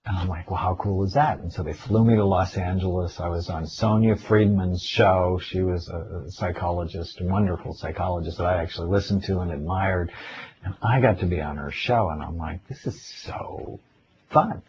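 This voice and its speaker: A man's voice: deep voice, fairly even intonation, a little fast, a little mellow, a little hiss or hum. A middle-aged man, a psychiatrist, giving a casual spoken lecture in a webinar and telling personal stories, acting out his own inner thoughts. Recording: dull lo-fi webinar audio with faint ambience.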